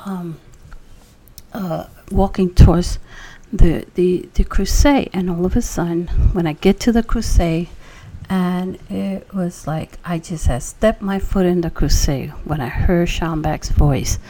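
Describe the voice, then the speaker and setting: A woman telling a personal faith testimony, animated and emphatic, often dropping into hushed whispers. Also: fairly low pitch, measured pace, slight background noise.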